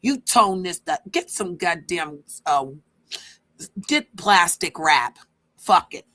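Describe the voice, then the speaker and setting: A woman's voice: lowish voice, lively intonation, takes it slowly, sharp tone. A woman hosting a stream, giving blunt, profane reaction commentary straight to her viewers. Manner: brash, blunt and profane, addresses viewers directly.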